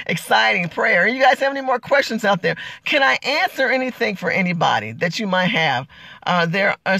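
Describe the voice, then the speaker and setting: A woman's voice: medium pitch, gravelly, fairly bright tone, dry recording. A woman hosting a political livestream, talking in an emotional, emphatic, preachy way as she answers viewer comments.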